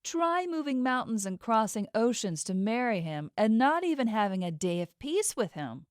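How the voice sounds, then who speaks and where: A woman's voice: fairly high pitch, big pitch swings, moderate pace, clean tone, no room sound, clean studio sound, voice pushed up. A woman voicing a frightened, furious young wife in an audiobook, ranting and tearful. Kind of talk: audiobook character voice.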